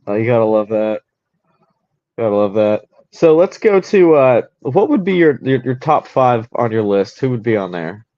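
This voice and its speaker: A man's voice: mid-range voice, big pitch swings, moderate pace, dry recording. Laid-back male host, dull dry sound. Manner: laid-back, short affirming interjections. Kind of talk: casual interview chat.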